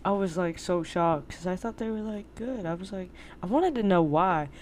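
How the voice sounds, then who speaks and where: Young woman on a podcast, slangy and animated, does everyone's lines in her story. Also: lowish voice, normal speed, slight background noise. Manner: slangy and animated, acting out quoted exchanges. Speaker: podcast co-host. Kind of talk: casual chat.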